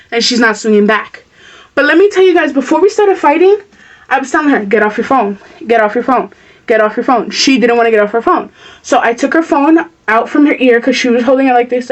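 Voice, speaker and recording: A woman's voice: fairly high pitch, recorded from a distance, muffled recording. A young woman vlogger telling a storytime, blunt, heated and profane as she talks. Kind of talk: storytime vlog.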